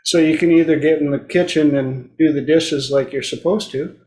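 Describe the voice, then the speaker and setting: A man's voice: on the high side, fairly even intonation, normal speed, mellow, roomy sound, a little hiss or hum. A man hosting a casual talk show, telling blunt stories and acting out the people in them. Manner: blunt storytelling, acts out quoted voices. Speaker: host. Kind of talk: casual chat.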